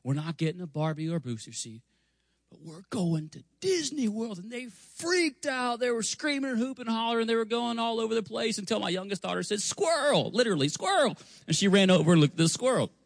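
Animated storytelling preacher, a man. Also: sits high, brisk, creaky, no echo, clean studio sound. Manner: animated, acts out family voices, stumbles over words. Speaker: guest preacher. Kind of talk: storytelling sermon. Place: church sanctuary.

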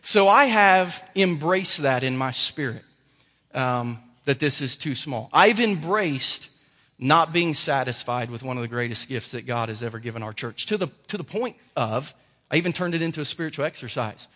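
A man's voice: medium pitch, moderate pace, big-room sound. A man preaching a sermon as a pastor, telling stories in a loose, conversational way with lots of fillers. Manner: conversational, animated storytelling with many fillers.

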